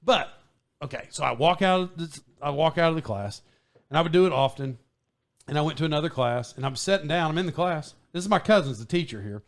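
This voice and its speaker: A man hosting a podcast, telling a story in a casual, animated way with frequent laughs and restarts. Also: on the high side, brisk. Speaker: podcast host.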